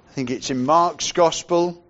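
A man preaching a sermon in a measured way, dropping to a hushed voice to stress points. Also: fairly high pitch, highs cut off.

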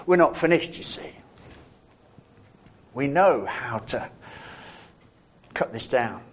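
A man preaching a sermon in a measured, reflective way, repeating phrases for emphasis. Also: mid-range voice, animated, slightly rough, lo-fi sound.

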